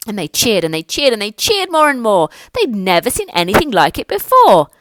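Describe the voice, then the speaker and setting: Lively woman reading a rhyming storybook. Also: a little high, fairly quick, no room sound, low-quality recording. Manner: lively, sing-song rhyming delivery. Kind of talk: reading a children's picture book aloud.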